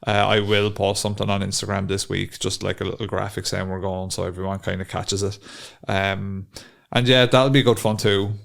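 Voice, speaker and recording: A man's voice: deep voice, little pitch movement, normal speed, vocal fry, fairly bright tone. A young man co-hosting a podcast, chatting casually, rambling and swearing freely with frequent laughs. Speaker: podcast co-host. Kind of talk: casual chat.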